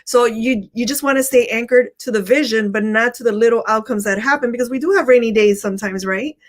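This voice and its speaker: Female host of a motivational live stream: emphatic, repeats key lines, voice a touch higher than usual. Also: fast talker. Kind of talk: casual motivational talk.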